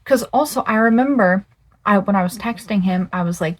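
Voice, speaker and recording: A vlogger in her twenties tells the camera a dating story in a brisk, mid-range voice. Casual and animated, she stretches words for emphasis and swears in disbelief.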